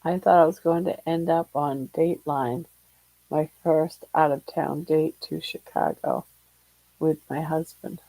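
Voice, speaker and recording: An older woman chats slowly and easily with her livestream viewers. Her voice is gravelly and sits a little low, and she sounds a bit short of breath. The sound is dry and close, with no room echo. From Ohio, USA. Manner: slow, relaxed and chatty, greeting viewers by name. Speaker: livestream host. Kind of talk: casual livestream chat with viewers.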